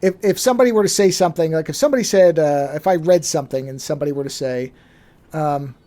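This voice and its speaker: Higher-voiced man, halting casual chat. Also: warm tone. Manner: halting, many restarts, explains carefully. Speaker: podcast co-host.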